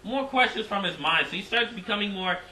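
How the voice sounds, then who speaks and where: A man reviewing a wrestling show in casual recap style, excitable and rambling, repeating himself. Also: high-pitched, brisk, echoey room, rough recording.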